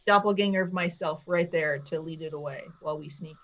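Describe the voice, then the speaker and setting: A woman's voice: deep voice, fairly quick. A woman playing a tabletop game, thinking aloud in a hesitant way. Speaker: player. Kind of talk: casual tabletop play. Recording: dull lo-fi mic.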